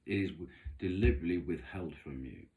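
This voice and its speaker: Low-pitched and mellow, a man speaks at a quick pace as he draws tarot cards for his vlog. The monologue is chatty and gossipy, wandering casually with theatrical, campy touches.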